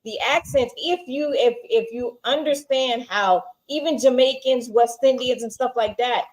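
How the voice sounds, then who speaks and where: Woman, co-host, fairly high voice, casual chat, firm, explains her point. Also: a little slow, low-quality recording. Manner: firm, explains and pushes back. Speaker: co-host reviewing a TV episode.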